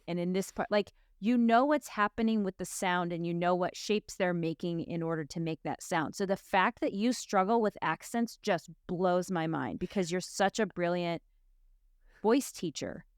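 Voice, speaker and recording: A woman co-hosting a podcast in casual chat, encouraging and quick to back up her partner. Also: mid-range voice, clear, resonant tone, dry recording, studio quality. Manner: encouraging and supportive, quick to affirm. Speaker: podcast co-host.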